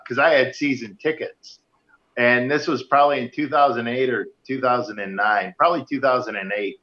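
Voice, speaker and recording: A man telling a chatty anecdote in a casual sports talk show. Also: medium pitch. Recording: dull lo-fi sound.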